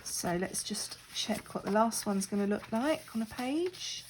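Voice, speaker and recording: Her mid-range voice expressive and unhurried, a middle-aged woman talks loosely through a craft project for her vlog, joking at her own expense. Heavy background noise runs under the clip.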